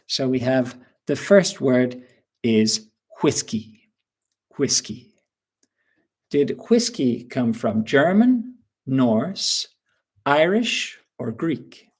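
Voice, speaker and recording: A man's voice: medium pitch, very animated, very slow, darkish tone, slightly rough. A male English teacher giving a live webinar lesson, patiently quizzing viewers and reading out their answers.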